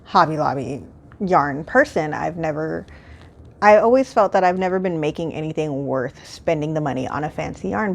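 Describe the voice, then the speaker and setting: A woman from Texas, hosting her podcast in a casual solo chat. She gushes excitedly and pokes fun at herself as she talks. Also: lowish voice, creaky. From Houston, Texas. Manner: excitable, gushing, self-mocking. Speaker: podcast host.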